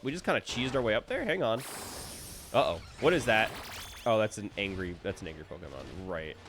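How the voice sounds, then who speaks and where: A young man streaming a video game live, commenting excitably with jokes and playful boasts. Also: on the low side, brisk, slight background noise.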